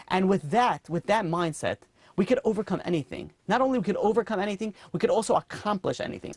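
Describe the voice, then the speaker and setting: A man giving a storytelling sermon as a rabbi, earnest and animated. His talk is casual, with fillers and restarts, and the sound is dry and close. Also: high-pitched, fast, no room sound. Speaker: rabbi teaching a class.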